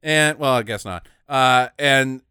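A man of medium pitch with a sharp tone takes his time co-hosting a podcast, ranting about a movie he recaps with lots of swearing. He mocks it and acts out the characters in silly voices. The audio is clean studio quality with no room sound.

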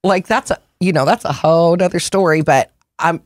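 A woman's voice: fairly low pitch, fairly quick, dry recording. A woman in her forties, a guest podcaster and hairstylist, chatting emphatically in a studio with frequent laughs. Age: 40s. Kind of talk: casual chat.

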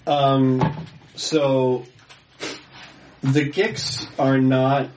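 A man narrating as game master, halting with many fillers. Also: mid-range voice, little pitch movement. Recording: echoey room with loud noise.

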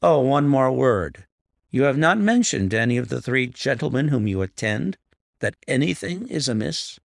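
A man reading an audiobook, voicing a sharp, brisk male detective who asks crisp, commanding questions. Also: medium pitch, very animated, pitched above the performer's own voice.

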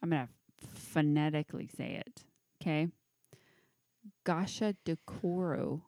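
A woman's voice: on the low side, measured pace, no room sound, clean studio sound. A woman hosting a podcast, tipsy with hiccups, giggling and swearing as she reads out creepy legends. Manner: giggly, swearing, stumbling over names. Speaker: podcast host. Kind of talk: casual chat, reading a list of creepy legends.

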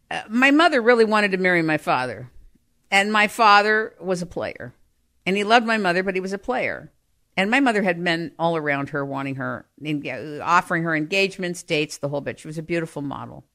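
A woman telling comic family stories in an animated, exaggerated way, often breaking into laughter. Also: on the low side, moderate pace. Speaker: storyteller. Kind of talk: comic personal storytelling.

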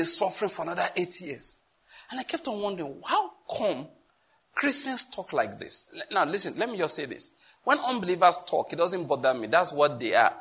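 A man with a Nigerian accent preaching a sermon as pastor, animated and telling stories with asides. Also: a little high, slightly rough.

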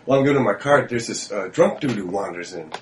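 Brief: young male podcast host, quick rambling anecdote delivery. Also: lowish voice, a little hiss or hum. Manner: rambling, animated, with many fillers. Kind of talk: casual storytelling chat.

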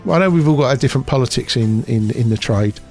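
A man's voice: mid-range voice, quick pace, a little mellow, faint music behind. A man co-hosting a casual chat show, talking in a chatty, rambling way. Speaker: co-host.

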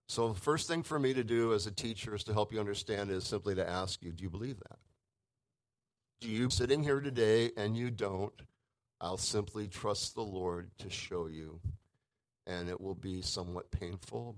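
A man's voice: fairly low pitch, moderate pace, dry recording, poor audio. Conversational male preacher, dry close sound. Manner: conversational, emphatic swings in loudness. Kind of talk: sermon.

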